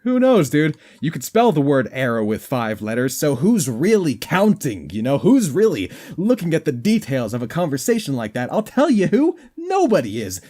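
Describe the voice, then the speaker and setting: A man's voice: fairly high pitch, huge pitch swings, normal speed, hardly any pauses, mellow. A man giving goofy, rambling commentary over a game, with a slightly worn voice. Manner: goofy, rambling, jokey asides. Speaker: gaming commentator.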